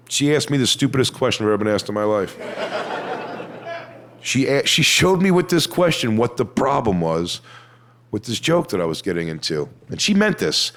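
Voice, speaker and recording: A man performs stand-up comedy in a mid-range voice, telling a crude story whose punchlines build up to shouting.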